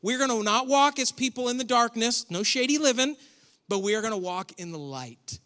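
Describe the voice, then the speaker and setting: A man's voice: extremely high pitch, lively intonation, fairly quick, sharp tone, big-room sound. A man preaching a sermon as pastor in a church, conversational and joking, with sarcastic asides. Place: church hall.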